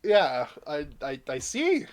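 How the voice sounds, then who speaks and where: A man's voice: on the high side, huge pitch swings, slow pace. A man livestreaming a video game, chatting casually and often breaking into laughter. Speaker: game streamer. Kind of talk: casual chat while livestreaming.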